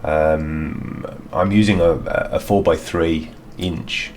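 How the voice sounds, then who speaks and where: A man's voice: rumbling low, steady tone, slow, a little mellow, slight background noise. A man outdoors in a garden, talking through a DIY product review in a rambling, hesitant way with many fillers.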